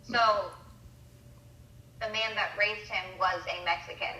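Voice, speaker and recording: A woman from Ohio, a guest in a casual podcast chat, answering in quick, chatty replies. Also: medium pitch, steady tone, pushed and bright. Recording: roomy echo.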